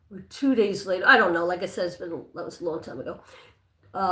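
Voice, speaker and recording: A woman hosting a casual livestream, telling a personal story in a rambling way with many fillers and restarts. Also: on the low side. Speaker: livestream host. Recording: echoey room.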